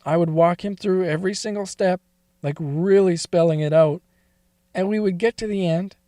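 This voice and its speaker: A man's voice: high-pitched, normal speed, dark tone, no echo, studio quality. A man telling a first-person confessional story in a confiding, emotional way that wavers toward tears.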